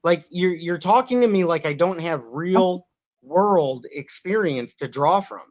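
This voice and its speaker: A man's voice: sits high, animated, measured pace, darkish tone. A man arguing as a guest on an online panel, insisting on his point and talking over the others. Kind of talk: heated online panel debate. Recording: dull lo-fi call audio.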